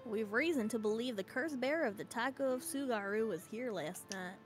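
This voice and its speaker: A woman voicing a calm adult male investigator in a game, with an attempted Southern American accent and an earnest drawl. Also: a little high, fairly quick, soft background music, close to an everyday voice. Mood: serious. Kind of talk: voicing a game character on a stream.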